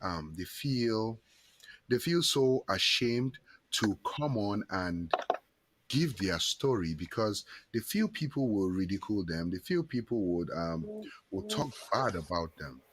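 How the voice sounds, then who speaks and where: A man's voice: fairly low pitch, sing-song, a little slow, a little hiss or hum. Chatty male live-stream host. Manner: chatty, reads out viewer comments, repeats himself. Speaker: talk show host. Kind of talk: casual live-stream chat.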